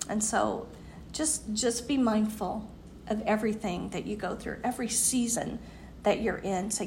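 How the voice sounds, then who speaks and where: A women's group speaker in her fifties gives an earnest devotional talk in a creaky, mid-range voice at an unhurried pace. She laughs often, but she's losing her voice, and it drops quiet at the ends. A little hiss or hum runs through the audio.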